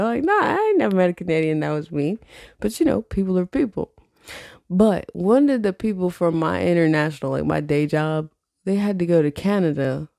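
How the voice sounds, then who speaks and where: Woman, late 20s, podcast host; low, gravelly, swears and laughs freely. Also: dark tone, no echo, clean studio sound. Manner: loose, profane, laughs often. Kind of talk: casual solo podcast chat.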